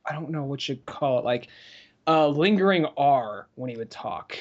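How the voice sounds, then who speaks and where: A man's voice: mid-range voice, animated, normal speed, dull audio. A man hosting a podcast, telling a story in casual chat that rambles and stops and starts. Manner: rambling, stop-start storytelling with lots of fillers. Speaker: podcast host.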